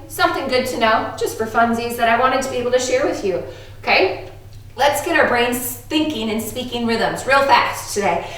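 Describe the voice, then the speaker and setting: A woman's voice: sits high, fairly bright tone. Echoey, upbeat woman music teacher. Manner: upbeat, playful, exaggerated teacher voice. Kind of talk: online music lesson for children. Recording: very echoey room, distant from the mic.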